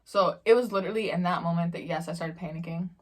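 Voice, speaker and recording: A woman's voice: fairly low pitch, fast talker. Chatty young woman vlogging while eating. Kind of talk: casual mukbang Q&A chat.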